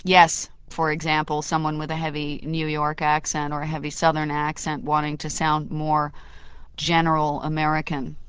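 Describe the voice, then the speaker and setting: A woman's voice: low-pitched, monotone, moderate pace, clear, resonant tone, no echo. A woman dialect coach in a radio interview, articulate and precise as she explains her work.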